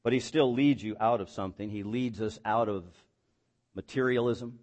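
A man's voice: fairly low pitch, moderate pace, a little mellow. Emphatic man preaching a sermon. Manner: emphatic preaching, rising on key points, many rhetorical questions; plain folksy asides and self-deprecating humor. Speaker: pastor.

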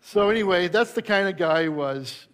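A man's voice: high-pitched, lively intonation, moderate pace, a bit bright. Man preaching a conversational sermon. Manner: storytelling, conversational with anecdotes, rising to emphatic preaching. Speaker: pastor.

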